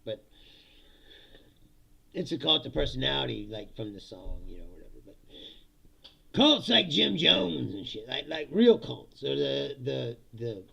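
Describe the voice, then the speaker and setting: Male comic host, gravelly bright voice, loose profane rant with constant laughter. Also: mid-range voice, highs cut off. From United States. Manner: laughs often, swears, acts out voices of others. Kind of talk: casual comedic political rant.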